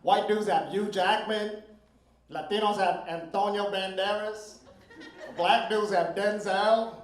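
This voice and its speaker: Middle-aged male stand-up, crude and chatty crowd worker, high voice, roomy live club sound. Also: steady tone, slow pace, far from the mic. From Philippines heritage. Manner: brash, crude, conversational crowd work. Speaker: stand-up comedian. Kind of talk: stand-up comedy set. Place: comedy club stage, live audience.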